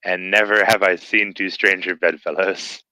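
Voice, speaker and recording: A man voicing his wry adventurer character in a slow, measured way. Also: sits low, fairly even intonation, bright, forceful tone, smooth, dry recording, rough recording.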